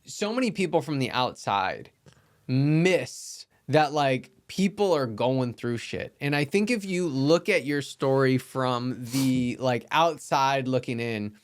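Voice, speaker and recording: A man's voice: mid-range voice, lively intonation, slow. A man hosting a podcast, chatting casually with a loose, emphatic delivery full of fillers. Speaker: podcast host. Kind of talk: casual interview chat.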